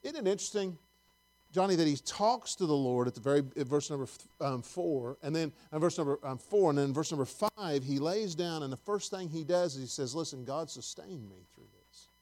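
High-voiced man preaching conversationally. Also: animated, brisk, a little mellow. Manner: conversational preaching, asks the congregation questions. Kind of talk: sermon.

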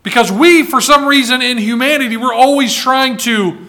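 A man delivers a sermon in a high, bright voice, pressing his points through repetition and pauses. He reads scripture aloud in its old wording, then drives it home to the congregation. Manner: emphatic preaching with repeated words and long pauses. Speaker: pastor.

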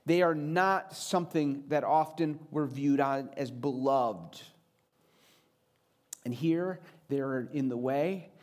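A man preaching a sermon in an earnest way, shifting his pace and pitch for emphasis. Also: slow, a little mellow. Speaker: pastor.

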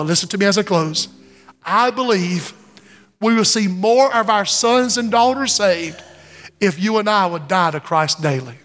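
A middle-aged man preaching a sermon in a large church, swinging from low, intense passages to loud, impassioned cries. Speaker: pastor. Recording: church hall with long reverb.

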